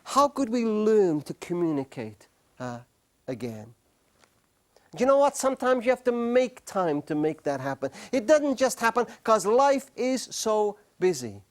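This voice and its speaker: Man, middle-aged, high-pitched voice, earnest storytelling talk, emphatic pauses, live studio audience. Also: big pitch swings. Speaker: speaker on marriage.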